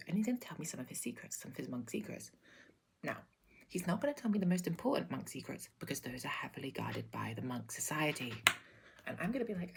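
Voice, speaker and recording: Whispered role-play: woman, deadpan comic ASMR whisper, low and husky. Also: fast talker. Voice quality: breathy whisper. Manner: deadpan absurd storytelling in whispers. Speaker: ASMR creator.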